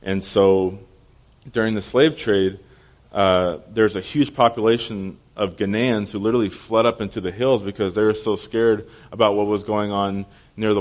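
A young man preaching as a pastor, telling personal stories in a lively way and acting out the people in them. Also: fairly low pitch. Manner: animated storyteller, acting out voices. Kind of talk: storytelling sermon. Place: church service. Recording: dull lo-fi recording.

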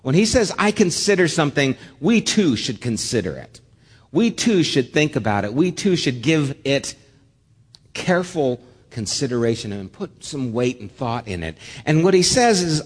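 A middle-aged man preaching a sermon, reading scripture aloud in a measured, earnest way. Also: mid-range voice, big pitch swings, slightly rough. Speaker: pastor. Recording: long hall reverb.

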